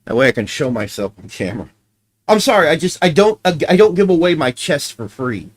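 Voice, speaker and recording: Cursing gaming streamer. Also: male voice, fairly high pitch, big pitch swings, fairly quick, poor audio. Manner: swears freely, scolds his dog, jokes with viewers. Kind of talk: casual livestream chatter.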